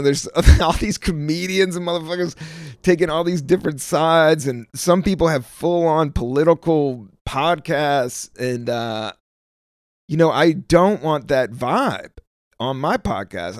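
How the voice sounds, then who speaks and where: A man's voice: fairly high pitch, no echo, clean studio sound. A middle-aged man from the United States, a comedian hosting his own solo podcast, rambling loosely with plenty of swearing and trailing off while searching for words. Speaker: podcast host.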